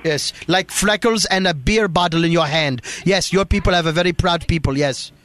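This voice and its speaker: A man's voice: high-pitched, fairly bright tone. A man putting on a smug fake-accented clerk. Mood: smug, needling. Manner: deliberately broken English, smug and provoking. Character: pushy, insulting male form clerk with a thick fake accent. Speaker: radio prank caller. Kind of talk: prank phone call.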